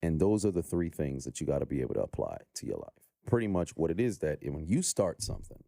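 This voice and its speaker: Male podcast guest, very deep and warm, loose conversational delivery, dry close sound. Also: very animated, quick pace, gravelly, dry recording. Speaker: podcast guest, content creator and comedian. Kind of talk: casual interview chat.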